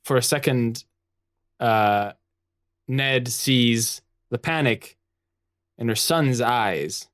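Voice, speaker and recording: A man co-hosting a storytelling podcast narrates an improvised adventure. He takes his time, keeps it loose, and laughs often. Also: medium pitch. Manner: laughs often, relaxed and unhurried.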